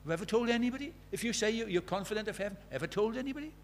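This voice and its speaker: A man's voice: sits high, expressive, racing, slight background noise. Earnest male preacher, probing questions. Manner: earnest, questioning, retells conversations in quoted dialogue. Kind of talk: sermon.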